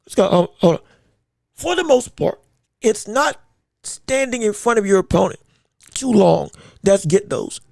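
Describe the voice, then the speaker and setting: A man hosting a casual boxing podcast. He talks in an animated way, laughs a lot and often repeats his words. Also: high voice, measured pace, vocal fry, pauses often, dry recording, clean studio sound. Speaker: podcast host.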